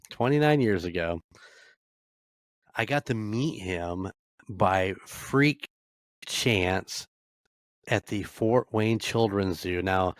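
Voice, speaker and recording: A man's voice: fairly low pitch, no room sound, clean studio sound. A middle-aged man hosting a podcast alone, giving a casual, blunt sports recap full of swearing and rambling asides. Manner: blunt, swears freely, rambling with many fillers. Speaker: podcast host.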